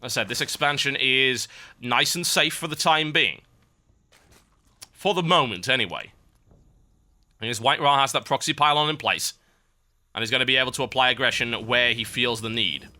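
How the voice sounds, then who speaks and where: Young british guy casting a match, quick wry play-by-play, really bright sharp voice. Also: medium pitch. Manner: brisk, wry, chatty asides. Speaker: esports caster. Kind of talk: live game commentary.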